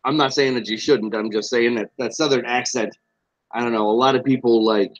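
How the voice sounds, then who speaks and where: A man's voice: medium pitch, steady tone, fairly quick, muffled recording, background noise. A young man co-hosting a podcast, laid-back and blunt, swearing freely in casual chat. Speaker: podcast co-host.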